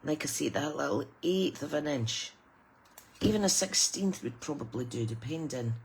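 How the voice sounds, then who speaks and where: A woman's voice: sits low, expressive, normal speed. Middle-aged British woman, craft demonstrator, friendly story-time teaching voice, light background hiss. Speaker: papercraft demonstrator. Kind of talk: live crafting tutorial.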